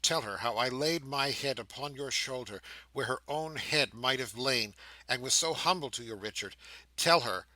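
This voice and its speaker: A man's voice: medium pitch, normal speed, bright, forceful tone, no echo, poor audio. A man reading an audiobook, voicing a fallen young woman who pleads with tremulous grief. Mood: pleading.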